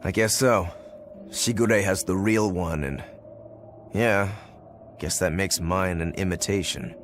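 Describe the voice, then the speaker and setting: A man's voice: deep voice, slow, a little hiss or hum. An actor voicing a laid-back young swordsman in a video game, easygoing and matter-of-fact. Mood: calm.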